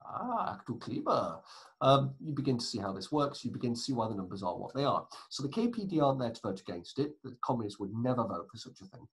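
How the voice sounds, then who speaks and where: Male history teacher, conversational lecture, lively varied pitch. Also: fast, few pauses, husky, poor audio. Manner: chatty, explains with asides and self-corrections. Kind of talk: recorded lesson.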